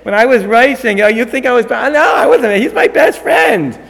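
Man voicing Esav, high-pitched, wheedling, protesting, long echoing reverb. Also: normal speed, vocal fry, a bit bright, exaggerated voice. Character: Esav, a grown man falsely claiming brotherly love.

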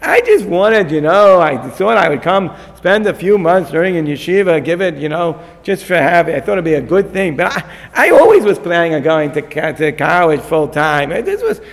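Man voicing a young yeshiva dropout, sheepish, excusing himself, gravelly, echoing hall. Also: a little high, sing-song, moderate pace, few pauses. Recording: long hall reverb.

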